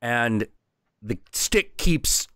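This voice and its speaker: A man hosting a stream, telling a folk tale in a casual, crude, animated way. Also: mid-range voice, drawn-out words, no echo. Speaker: streamer host.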